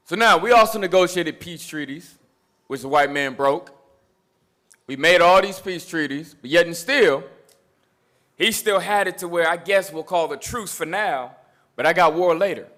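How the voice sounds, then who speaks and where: A man's voice: a little high, moderate pace, a bit bright. A man preaching a sermon that mixes scripture with street talk, emphatic and repetitive, with mocking asides.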